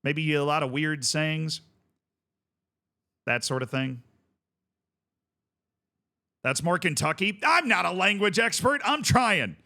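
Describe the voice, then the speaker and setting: A man's voice: a little high, takes it slowly, pauses often, sharp tone. A man streaming a game, chatting casually with viewers in rambling, jokey asides. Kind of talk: casual gaming stream chat.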